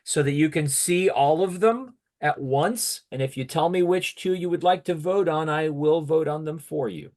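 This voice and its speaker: A man facilitating an online workshop over a video call, steady and peppering his speech with "okay". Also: fairly high pitch, normal speed, hardly any pauses.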